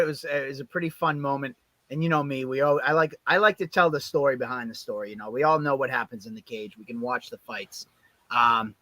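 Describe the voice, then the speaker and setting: A man co-hosting a fight recap show, chatting casually in an animated, rambling way with plenty of fillers. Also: mid-range voice, no room sound. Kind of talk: casual chat.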